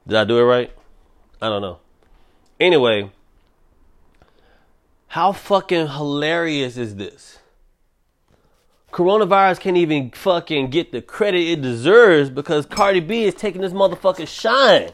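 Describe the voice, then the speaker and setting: A young man hosting a solo podcast, ranting in a profane, animated way. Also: mid-range voice, normal speed. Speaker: podcast host.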